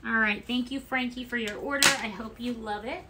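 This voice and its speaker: A woman with a fairly high voice talks fast and casually while she packs orders in an indoor workspace. She reads viewer comments aloud, and clear background noise runs under her voice. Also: fairly even intonation. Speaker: helper packing orders. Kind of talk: casual livestream chat.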